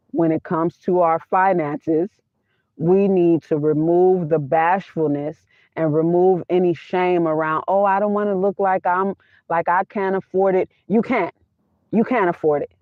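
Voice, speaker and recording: A woman's voice: low-pitched, dry recording. Blunt woman on a tinny phone-like line. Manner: blunt and emphatic, repeats points. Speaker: vlogger. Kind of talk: casual chat about money. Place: inside her minivan. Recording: tinny phone-like dry sound.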